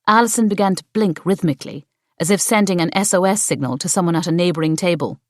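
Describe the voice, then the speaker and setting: Woman narrator, audiobook, lowish voice, dry close sound, steady. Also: quick pace, dry recording. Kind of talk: scripted narration.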